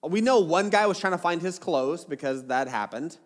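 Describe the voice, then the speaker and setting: A man's voice: a little high, animated, normal speed, big-room sound. A man preaching a sermon as pastor, casual and joking, with dramatic retellings.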